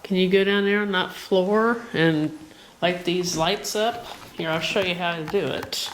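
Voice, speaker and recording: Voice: mid-range voice, unhurried. Coaxing ghost hunter in echoey halls. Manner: coaxing, explains gadgets to unseen spirits. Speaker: paranormal investigator. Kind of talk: ghost-hunt session calling out to spirits. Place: large old seminary building, indoors. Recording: roomy echo, faint background hiss.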